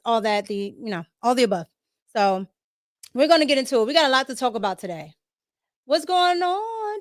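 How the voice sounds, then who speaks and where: A woman with a Washington D.C. accent hosts a live podcast, chatting casually, laughing often, and greeting viewers by name. Her voice sits fairly high and has a fairly bright tone.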